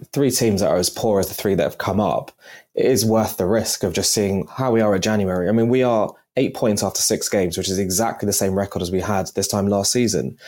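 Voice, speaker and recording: A man on a football podcast panel, measured and building an argument from numbers. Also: low-pitched, darkish tone. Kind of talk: casual football chat.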